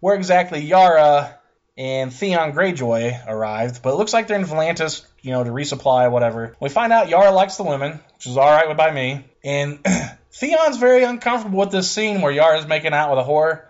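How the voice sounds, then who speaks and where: A man casually recapping a TV episode as a podcast co-host, swearing freely and quickly paraphrasing the characters. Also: on the high side, highs cut off. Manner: profane, animated, paraphrases characters in quick asides.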